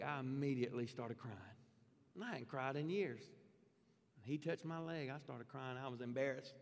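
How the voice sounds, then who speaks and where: A man preaches his testimony in an animated storytelling way, his voice leaping upward at the dramatic moments. His voice sits at a middling pitch. It rings with the long reverb of a large church hall. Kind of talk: sermon testimony.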